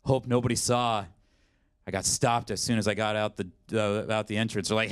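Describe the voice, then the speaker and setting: A man in his twenties performing a stand-up comedy set, telling self-deprecating stories in an animated way. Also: fairly low pitch, normal speed, smooth. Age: 20s. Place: comedy stage in a studio.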